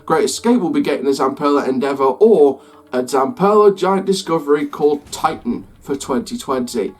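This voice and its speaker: A man putting on an American accent to voice a slow, grand theme-park announcer in promotional style. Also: on the high side, lively intonation. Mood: announcing. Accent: put-on American. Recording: slightly distant mic, faint music behind.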